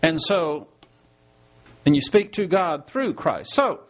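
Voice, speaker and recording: High-voiced man teaching a folksy sermon. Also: big pitch swings, slow pace. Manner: conversational, asks rhetorical questions, chuckles while explaining. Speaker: Bible teacher. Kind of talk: verse-by-verse sermon.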